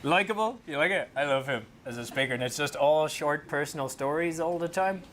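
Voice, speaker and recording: A man with an Irish accent giving a comedic talk to an audience as a speaker and author, animated and joking, slipping into voices for quotes. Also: fairly high pitch, brisk, slight background noise. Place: company talk room with a live audience.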